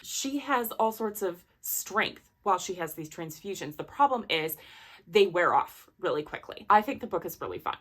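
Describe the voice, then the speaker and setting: A woman's voice: lowish voice, sing-song, moderate pace. A woman vlogger chatting enthusiastically about books she read, rambling with fillers and restarts. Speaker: book vlogger. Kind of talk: casual book review chat.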